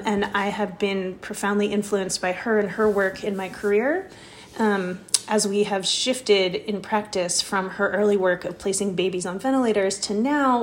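A middle-aged woman speaks as a guest doctor, explaining neonatal care in a measured, unhurried way. She pauses often to gather her thoughts and answers carefully. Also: medium pitch. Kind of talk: interview answer.

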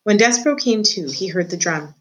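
A woman teacher reading a children's book aloud to her students in a clear, expressive, measured way. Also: medium pitch, rough recording.

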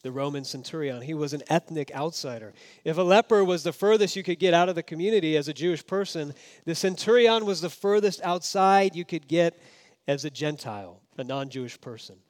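A man in a fairly high register preaching a sermon. His delivery swings between forceful, raised emphasis and quiet, dropped-down phrases. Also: a little fast. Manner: dynamic, swinging from emphatic loud to hushed low. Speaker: pastor.

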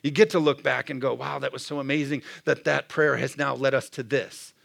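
A man's voice: medium pitch, steady tone, brisk, creaky, fairly bright tone. A middle-aged man preaching a sermon in a conversational style, often asking the room "Amen?". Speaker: pastor.

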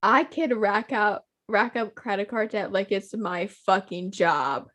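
A woman's voice: medium pitch, unhurried, a bit bright. A young woman in casual chat who giggles a lot and says "like" all the time. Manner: giggly, chatty, heavy use of "like".

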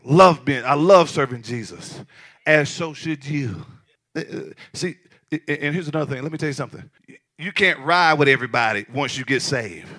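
A male pastor preaching a passionate sermon, swinging from shouted lines to hushed asides. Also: on the high side, normal speed.

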